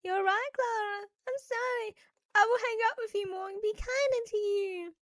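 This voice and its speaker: A woman voicing a spoiled teenage sister in an animated story, sobbing and pleading. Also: very high voice, moderate pace, dry recording, pitched above the performer's own voice. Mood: tearful. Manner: sobbing, begging.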